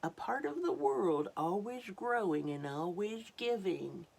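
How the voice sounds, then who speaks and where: A woman voicing a willow tree in a children's storybook, murmuring softly. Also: fairly low pitch, lively intonation, a little slow, gravelly, breathy edge, exaggerated voice. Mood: tender. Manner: soft murmuring read-aloud voice.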